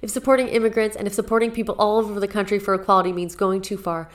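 A woman's voice: medium pitch, level tone, very fast, close to an everyday voice. A woman voicing a poised female magazine editor addressing her staff, in a put-on Cockney-tinged English accent with a mock-formal delivery. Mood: earnest. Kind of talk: comic reading of a quoted speech.

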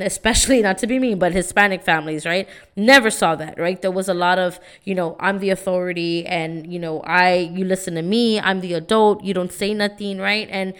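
Earnest young mom giving parenting talk. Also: female voice, mid-range voice, fairly bright tone. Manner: earnest, keeps asking "right?". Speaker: podcast host. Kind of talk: casual motivational talk.

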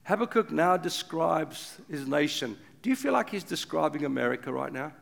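An older man preaching an impassioned sermon, swinging from loud urgent bursts to hushed low passages. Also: expressive, moderate pace, creaky. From South Africa. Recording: long reverb of a big hall.

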